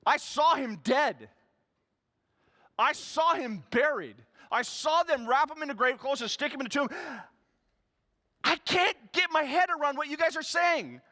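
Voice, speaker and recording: A man's voice: very high voice, expressive, measured pace, pushed and bright, long reverb tail, pitched above the performer's own voice, exaggerated voice. A man voicing the disciple Thomas, a blunt and stubborn skeptic who refuses to believe. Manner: defiant, blunt, disbelieving.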